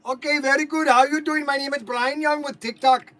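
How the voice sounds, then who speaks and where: A man's voice: extremely high pitch, steady tone, brisk, fairly bright tone, pitched above the performer's own voice. A man doing a gushing salesman in a put-on Indian accent. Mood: excited. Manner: gushing, repetitive sales patter. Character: eager male salesman hawking a flash sale. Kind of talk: mock livestream sales pitch.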